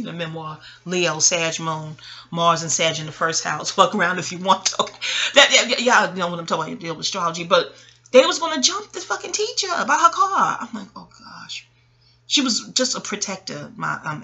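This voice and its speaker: A woman's voice: fairly low pitch, bright, forceful tone. A woman vlogger talking in a casual, rambling monologue. She is candid and profane, goes off on tangents and laughs often.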